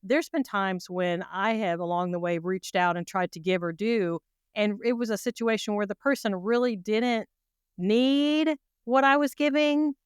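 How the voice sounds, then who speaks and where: A woman hosting an interview, enthusiastic and halting, restarting her sentences as she reacts to her guest. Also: mid-range voice, smooth, dry recording, clean studio sound. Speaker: podcast host. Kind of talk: conversational interview.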